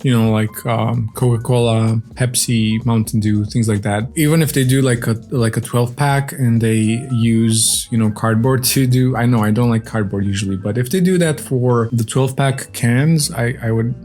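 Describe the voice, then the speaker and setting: A man at a mid pitch talks loosely to his viewers, eating and chatting as he goes. His talk rambles with fillers and restarts, and soft guitar music plays faintly behind him. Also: fairly even intonation, normal speed, hardly any pauses. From grew up outside the USA. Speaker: vlog host. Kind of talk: casual chat while eating on camera.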